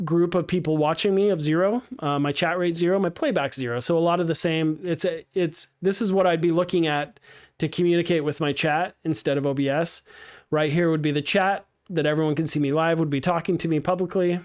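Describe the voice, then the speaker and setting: A man teaching a game streaming class live, walking through software setup in a casual, upbeat way with many ums and restarts. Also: fairly high pitch, fairly even intonation, fairly quick.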